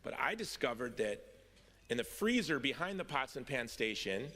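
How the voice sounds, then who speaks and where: This convention speaker, a middle-aged man, tells his personal testimony in a medium-pitched, sing-song voice at normal speed, sounding pushed and bright. Wry humour gives way to earnestness, and the large hall adds long reverb.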